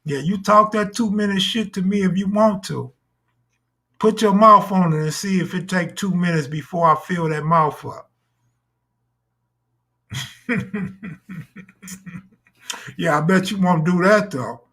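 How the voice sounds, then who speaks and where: A man's voice: sits high, unhurried, pauses often, bright, forceful tone. A man hosting a live stream in casual talk, full of crude, boastful joking banter.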